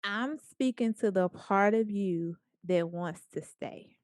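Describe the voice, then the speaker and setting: A woman speaker telling a story to a small group in a lively, playful way, acting out the lines of the people in it. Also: mid-range voice, takes it slowly, no echo, studio quality. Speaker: guest speaker.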